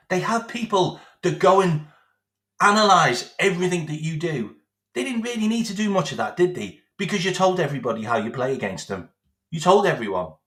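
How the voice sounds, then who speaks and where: A man's voice: a little high, big pitch swings, fairly quick, fairly bright tone, reverberant. A man delivering a sarcastic, sweary football rant as a vlog host, repeating his points. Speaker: football fan vlogger. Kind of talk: ranting monologue.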